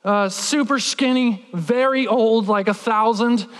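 A man preaching a sermon, telling a childhood story in an animated, humorous way with lots of filler words. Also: high-pitched, measured pace, big-room sound. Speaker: pastor.

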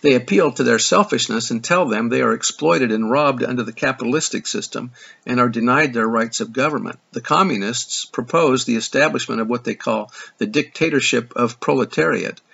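A man teaching from scripture reads the verses aloud and breaks off for dry comments, stumbling now and then. His voice is gravelly and a little husky. The recording is muffled and lo-fi. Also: mid-range voice, fairly bright tone. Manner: dry asides, occasional stumbles. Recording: dull lo-fi recording.

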